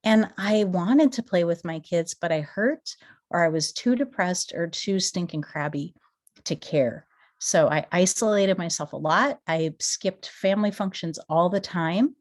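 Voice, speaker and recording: A woman in her forties from Minnesota, giving an earnest, emotional testimony as a guest speaker and rising into excited rhetorical questions. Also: on the low side, unhurried. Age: 40s. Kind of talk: motivational company testimony.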